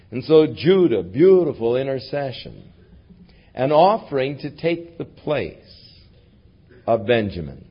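A man preaching through a Bible passage, reading the verses aloud and then retelling them in casual, lively asides. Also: mid-range voice, unhurried, slightly rough. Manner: reads scripture then paraphrases it in casual, animated asides. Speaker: pastor. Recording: dull lo-fi recording.

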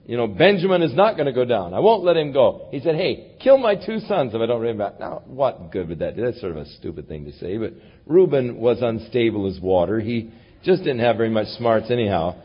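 Lively, emphatic male preacher. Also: a little fast, slightly rough. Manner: emphatic, swings between booming and hushed. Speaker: pastor. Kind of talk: sermon. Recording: dull lo-fi recording.

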